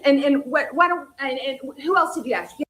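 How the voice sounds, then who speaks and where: A woman's voice: high-pitched, brisk, fairly bright tone, rough recording. A woman playing a bitter, scorned woman in a comedy skit, taunting and laughing scornfully between jabs.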